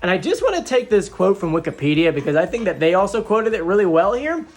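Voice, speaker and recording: A man hosting a casual video, chatting excitedly and a little boastfully to his viewers. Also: high-pitched, fast talker. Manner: excitable and animated, playfully boastful. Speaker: video host breaking down a TV singing show. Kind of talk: casual chatty commentary to camera.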